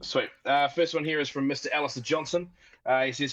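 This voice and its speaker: A man's voice: fairly high pitch, steady tone, a little fast, a bit bright, faint music behind. A man, a podcast producer, speaking in an easygoing, hesitant way with fillers and reading letters aloud. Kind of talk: casual chat and reading letters. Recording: dull lo-fi sound.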